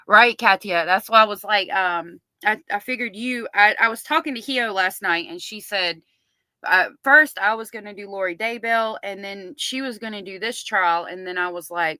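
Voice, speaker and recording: A woman's voice: mid-range voice, normal speed, pushed and bright, dry recording, rough recording. Chatty woman livestream host. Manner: chatty, reads viewer comments aloud. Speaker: livestream host covering a trial. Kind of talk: casual livestream chat with viewers.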